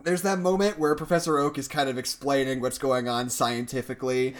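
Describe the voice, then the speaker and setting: A woman's voice: a bass voice, fairly even intonation, fairly quick. A woman co-hosting a podcast in casual chat, laughing often and acting out movie lines in silly voices. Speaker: podcast co-host.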